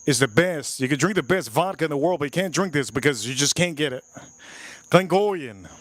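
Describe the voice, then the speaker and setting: A man's voice: fairly high pitch, animated, fast talker, a bit bright, no room sound. A man hosting a casual live stream, tasting whiskey and joking with his chat in a playful, repetitive way. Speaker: livestream host reviewing whiskey.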